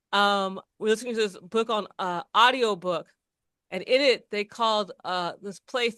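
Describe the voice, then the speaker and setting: A woman's voice: medium pitch, bright, forceful tone, dry recording, studio quality. A woman co-hosting a podcast, rambling in casual chat with lots of restarts and fillers. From New Jersey. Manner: rambling, many restarts and fillers, laughs often. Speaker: podcast co-host.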